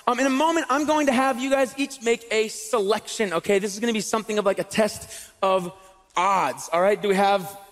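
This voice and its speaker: A man's voice: sits high, fairly quick, a bit bright. A man doing comedic stage patter as an illusionist in a church, chatty and joking. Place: large church hall on stage. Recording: long reverb of a church hall.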